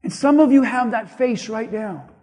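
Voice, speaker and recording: A male pastor preaching a sermon, impassioned and emphatic, dropping to hushed tones at times, in a large church hall. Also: very high-pitched, normal speed. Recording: long reverb of a large hall.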